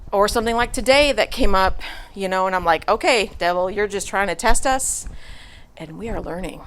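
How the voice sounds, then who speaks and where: A middle-aged church speaker tells her congregation a story in a chatty, informal way, laughing, using fillers and restarting sentences. She talks at a normal speed in a mid-range voice that's a bit bright.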